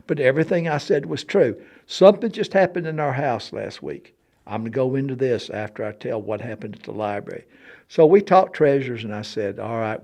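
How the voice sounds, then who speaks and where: A man telling a personal story in casual conversation, dropping to a hush and then booming out sound effects, laughing often. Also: gravelly. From Alabama. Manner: animated, swings from hushed to loud for sound effects, laughs often. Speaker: storyteller guest on a talk show.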